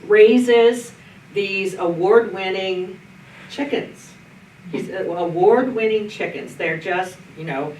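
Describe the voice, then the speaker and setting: A middle-aged woman pastor leading a group Bible study, telling stories in a folksy, anecdotal way with frequent restarts. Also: mid-range voice. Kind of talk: storytelling in a group discussion. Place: church meeting room. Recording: roomy, distant mic, faint noise.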